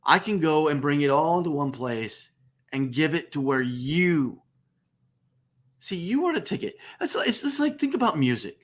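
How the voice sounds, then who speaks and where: A man hosting a business webcast, talking emphatically and repeating words for stress. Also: moderate pace. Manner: emphatic, repeats phrases, lively swings in pitch. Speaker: host. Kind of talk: enthusiastic business webcast talk.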